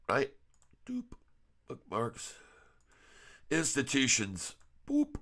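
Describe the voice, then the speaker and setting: Male vlogger, stuffy nose, folksy chuckling chart talk, bright forward tone. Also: medium pitch, measured pace. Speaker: stock trading vlogger. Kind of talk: casual screen-share commentary.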